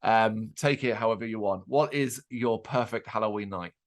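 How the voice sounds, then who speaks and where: A man hosting an interview, chatty and quick with his questions, sometimes tripping over restarts. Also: on the low side. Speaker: interviewer host.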